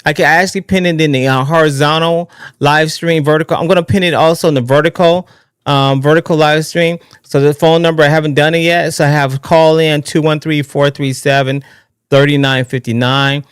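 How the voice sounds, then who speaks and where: A man hosting his own live political talk stream in a casual, excitable, rambling way, often restarting his sentences. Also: fairly high pitch, a little fast, smooth, no room sound, studio quality. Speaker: livestream political show host.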